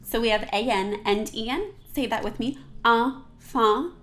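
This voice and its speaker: A woman's voice: on the high side, normal speed. A woman teaching singing diction, speaking patiently and modelling each word for the viewer to repeat. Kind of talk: diction lesson.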